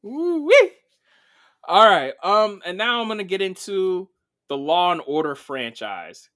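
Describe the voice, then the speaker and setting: A man co-hosting a casual podcast, recapping TV episodes in an animated, profane storytelling way. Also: high-pitched, measured pace, dry recording, studio quality. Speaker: podcast co-host. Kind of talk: casual film and TV chat.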